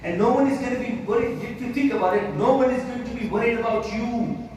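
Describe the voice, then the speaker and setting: High-voiced preacher in an echoey hall. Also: male voice, fast talker, darkish tone. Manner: rhetorical, keeps asking the audience "right?". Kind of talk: sermon. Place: mosque hall. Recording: echoey mosque hall, distant mic, faint hiss.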